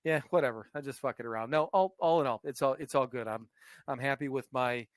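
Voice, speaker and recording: A man co-hosting a podcast in loose, casual chat, rambling and swearing as he goes. His voice sits in a middle pitch. The sound is dry and close, with no room echo. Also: brisk. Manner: rambling, profane, full of fillers and restarts. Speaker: podcast co-host.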